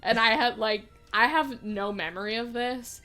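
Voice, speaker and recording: A woman's voice: on the high side, normal speed, pushed and bright. A woman co-hosting a casual podcast while gaming, rambling through stories and giggling often. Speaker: podcast co-host. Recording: faint music behind.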